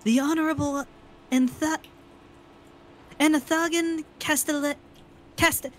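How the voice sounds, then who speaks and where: A woman's voice: high voice, steady tone, slow, a little hiss or hum, poor audio. A woman reading video game narration aloud, stumbling now and then over the names.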